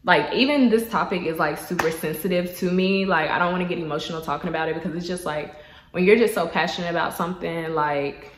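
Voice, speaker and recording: A woman's voice: lowish voice, fast, a little hiss or hum. Chatty young woman in an echoey room. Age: young adult. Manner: chatty, heavy use of "like" and "y'all". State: tearful, holding back crying. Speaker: vlogger. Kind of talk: personal storytelling vlog.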